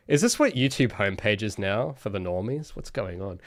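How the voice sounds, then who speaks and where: A man's voice: on the low side, expressive, a little fast, dry recording, clean studio sound. A young man who streams his game development, chatting casually in a rambling, ranty way that keeps interrupting itself. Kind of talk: casual livestream chat.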